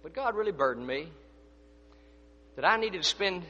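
A man preaching a sermon as pastor, swinging between loud declarations and hushed asides. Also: high voice, lively intonation, moderate pace, big-room sound, muffled recording.

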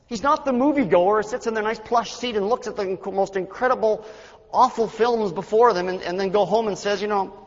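A man preaching a sermon, swinging between dramatic rises and hushed, quiet drops. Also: high voice. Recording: dull lo-fi recording with long hall reverb.

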